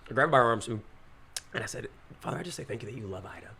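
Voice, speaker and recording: A man, a pastor, telling a story in casual podcast chat, animated, acting out the quotes and saying "bro" often. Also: mid-range voice, rapid-fire, creaky, slightly rough.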